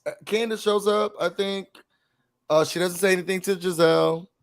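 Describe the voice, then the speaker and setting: A man co-hosting a casual TV recap show, animated, acting out quotes in a raised voice. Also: sits high, moderate pace.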